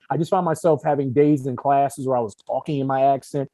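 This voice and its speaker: A young adult man, a guest actor, chatting casually and telling stories in an animated, talkative way. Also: mid-range voice, fairly quick, hardly any pauses, no room sound, poor audio. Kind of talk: casual podcast chat.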